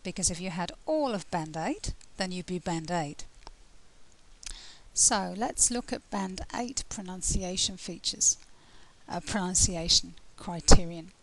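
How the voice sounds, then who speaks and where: A British woman, a language test tutor, explaining scoring criteria in a relaxed, conversational way with frequent fillers and restarts. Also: fairly low pitch, measured pace, low-quality recording. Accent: British English. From Britain.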